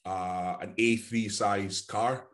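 A man with a Glaswegian Scottish accent rambles through a story in casual podcast chat. His voice sits fairly low. He swears freely and slips into the voices of the people he describes. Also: fairly even intonation, slow pace. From Glasgow, Scotland. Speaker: podcast co-host.

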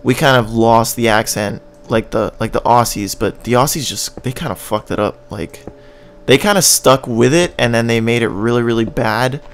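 A Canadian man talks his way through a video game in a loose, rambling commentary. His voice sits at an ordinary middle pitch, and he jokes and hums tunes between thoughts. Faint noise sits under the voice. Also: normal speed, hardly any pauses. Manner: rambling and joking, hums and scats tunes while playing. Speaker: gaming channel host. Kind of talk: casual gameplay commentary.

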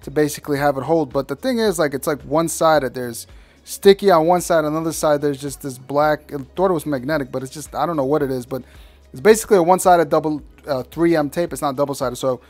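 A man's voice: fairly high pitch, fast, darkish tone, faint music behind. A man walking viewers through installing a computer part, talking in a slangy, exasperated, ranting way. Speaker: tech reviewer. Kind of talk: casual product install walkthrough.

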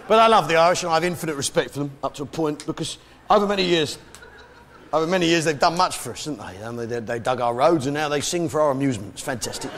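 A man's voice: on the high side, lively intonation, fast talker. An English man doing a stand-up comedy rant with bombastic mock-patriotic bluster, barking out punchlines on a comedy stage. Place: comedy stage before a live crowd. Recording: loud live audience laughter and noise.

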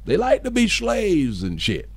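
Male live-stream host, high and raspy, joking, chuckles between reading comments. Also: huge pitch swings, unhurried. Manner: chuckles often, loose and joking. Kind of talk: casual live-stream chat, reading viewer comments aloud.

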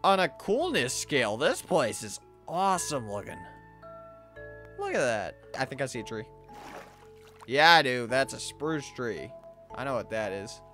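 A young adult playing a video game alone and commenting, excitable, talking to the game's animals and yelping when startled. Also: mid-range voice, measured pace, long pauses, faint music behind. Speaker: let's play gamer.

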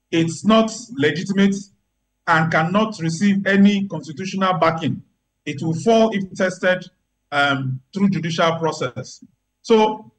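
Male legal commentator, emphatic and lawyerly, voice sits high. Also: a bit bright, low-quality recording. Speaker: legal analyst guest. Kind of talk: remote news interview commentary.

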